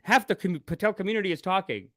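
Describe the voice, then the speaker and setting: A man, a spiritual teacher, chatting casually to his viewers in a live stream, animated and full of exclamations. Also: sits high, fast, no echo, clean studio sound. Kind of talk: casual livestream chat.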